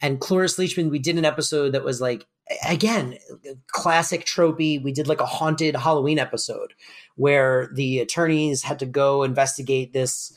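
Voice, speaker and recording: A man co-hosting a podcast and talking through a sitcom episode. He rambles loosely and fills his speech with "like" and "um". His voice sits at a middling pitch. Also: fairly even intonation, normal speed. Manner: loose and rambling, lots of fillers like "like" and "um". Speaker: podcast co-host. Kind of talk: casual chat recapping a sitcom episode.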